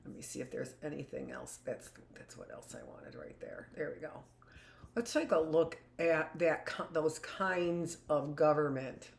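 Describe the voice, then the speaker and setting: A woman's voice: low voice, big pitch swings, a little slow, creaky, reverberant, slight background noise. A woman teacher giving a live online history lesson, chatty and jokey, asking questions and answering for imagined students.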